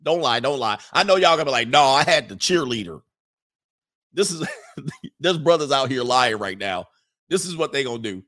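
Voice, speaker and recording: A man, riffing in casual comedic commentary with animated, laughing, slangy storytelling. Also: mid-range voice, a little fast. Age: 40s.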